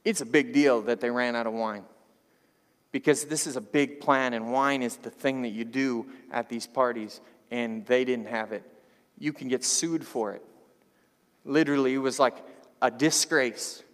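A man's voice: mid-range voice, normal speed, long reverb tail. A man preaching a sermon as pastor, talking in a loose, conversational way and joking with the congregation. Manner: conversational, animated, jokes with the congregation.

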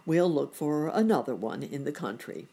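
A woman voicing a kindly, fussy old gentleman rabbit in a storybook reading. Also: deep voice, animated, normal speed, breathy edge, heavily acted. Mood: planning.

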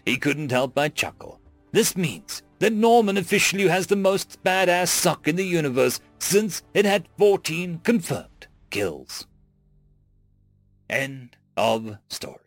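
A man reading a humorous science fiction story aloud in a wry, expressive storytelling manner. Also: fairly high pitch, no room sound. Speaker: story narrator. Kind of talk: scripted narration.

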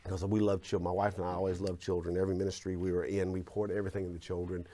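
A man with a Southern US accent, a guest and former minister, telling a personal story and acting out his own quoted lines with big swings in pitch. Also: little pitch movement, racing, mellow.

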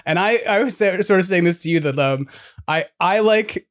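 A man's voice: high voice, expressive, normal speed. A man from New York hosting a podcast, chatting casually in a rambling way, often restarting and laughing. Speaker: podcast host.

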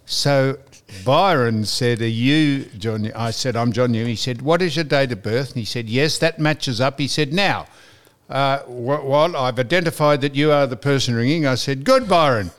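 A man's voice: mid-range voice, moderate pace, smooth. An older Australian man hosting a podcast, telling a story with lots of swearing and quoted dialogue. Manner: animated, acts out quoted dialogue, swears freely. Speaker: podcast host. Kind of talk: casual storytelling chat.

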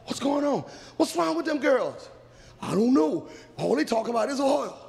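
A preacher voicing frantic young women hunting for oil, high-pitched and shouting. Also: female voice, big pitch swings, normal speed, gravelly, long reverb tail, exaggerated voice.

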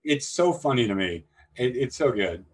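A man chats about films on a podcast, rambling and full of restarts. His voice sits at a middle pitch, and he bursts into raised, excited voices when he quotes scenes. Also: moderate pace, husky, low-quality recording. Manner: rambling, animated, acts out movie lines in high voices. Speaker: podcast host. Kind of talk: casual film discussion.

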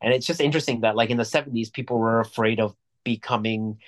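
A man's voice: medium pitch, fairly even intonation, fast talker. Rambling, jokey male podcast co-host. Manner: rambling, jokey, restarts often. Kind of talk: casual movie review chat.

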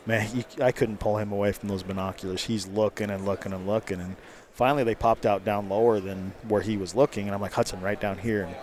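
A man's voice: on the low side, fast talker. Man telling a hunting story. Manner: animated storytelling, acts out quoted dialogue. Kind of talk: casual chat.

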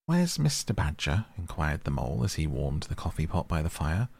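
Deep gravelly storybook narrator, male. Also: a little fast, a little mellow, no echo.

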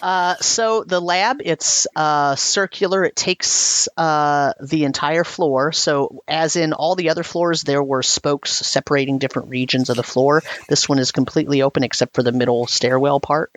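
A woman's voice: deep voice, fairly even intonation, normal speed, few pauses, dry recording. A woman narrating a tabletop role-playing game as game master, describing scenes at length and laughing often.

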